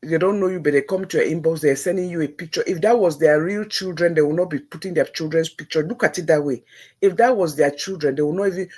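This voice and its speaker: A middle-aged Nigerian-accented woman hosts a livestream, offering earnest, preachy, religious advice to her viewers in a casual way and repeating herself for emphasis. Her voice is low and darkish with a breathy edge, and she talks fast.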